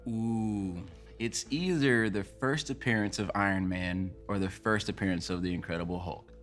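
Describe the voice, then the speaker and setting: A man's voice: fairly low pitch, normal speed, a bit bright, soft background music. A man answering interview questions casually, laid-back and full of "you know" and "like". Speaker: musician guest.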